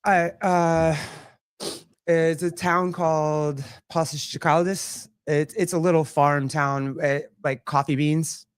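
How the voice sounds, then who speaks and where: Casual male guest, thirties, smooth lighter voice, easygoing and laughing often. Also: on the high side, flat delivery, slow pace, no echo, studio quality. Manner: laid-back, laughs a lot, swears casually. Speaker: podcast guest. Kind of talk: casual chat.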